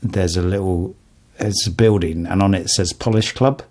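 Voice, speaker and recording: Man, low voice, podcast co-host, relaxed, chuckles while telling stories. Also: moderate pace. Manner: chuckles often, relaxed storytelling. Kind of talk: casual chat.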